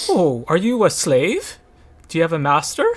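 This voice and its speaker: A man voicing a hapless, timid male wizard who talks in a hesitant, gentle way. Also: on the high side, huge pitch swings, moderate pace. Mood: curious.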